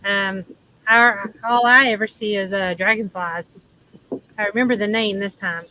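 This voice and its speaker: A Southern woman with a bright, lively tone, chatting casually as a livestream host. She laughs easily and trails off with ums between thoughts. A faint hum of outdoor ambience sits behind her, as she talks in the shade under an awning. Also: mid-range voice, measured pace, rough recording.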